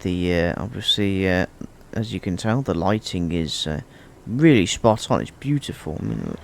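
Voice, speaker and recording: Halting man narrating his gameplay. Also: sits low, animated, gravelly, a little hiss or hum. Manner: halting, restarts sentences, rambling asides. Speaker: gaming YouTuber. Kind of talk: casual gameplay commentary.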